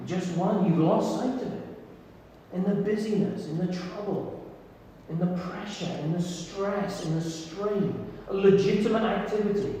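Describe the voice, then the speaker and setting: A pastor preaches a sermon in a church hall, earnest and intimate, with soft pauses. His voice is fairly high and mellow. Recorded from a distance, he's surrounded by a long hall reverb and faint background noise.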